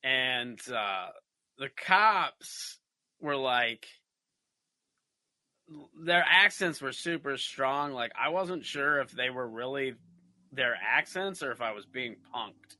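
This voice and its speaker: Bright, animated man hosting a podcast. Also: medium pitch, takes it slowly, no echo. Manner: animated storyteller, slips into mock Minnesota accent. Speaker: podcast host. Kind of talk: casual chat.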